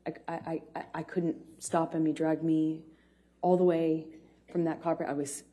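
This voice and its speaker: A woman testifying as a witness in a courtroom, speaking haltingly with many pauses and restarts. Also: low-pitched, little pitch movement, mellow. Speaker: trial witness.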